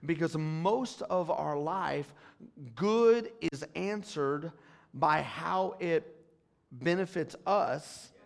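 In his sermon, the pastor calls out to the congregation, swinging from hushed remarks to loud, climbing appeals. His gravelly voice leans high, and he draws out his words.

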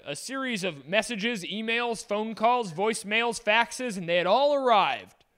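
Improv comedy: a man plays an earnest guy telling his story, high and bright. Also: heavily acted. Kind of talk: improvised comic storytelling in character.

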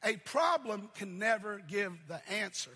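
A man preaching a sermon as pastor, building repeated phrases up to shouts and then dropping to a low, quiet delivery. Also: animated, a little slow, husky. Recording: long reverb of a large hall.

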